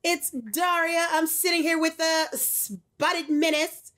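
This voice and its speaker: A woman's voice: very high voice, fairly even intonation, takes it slowly, a bit bright. A woman co-hosting a let's play, chatting casually, blunt and laid-back and swearing freely. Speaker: co-host of a let's play channel. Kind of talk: casual gameplay chat.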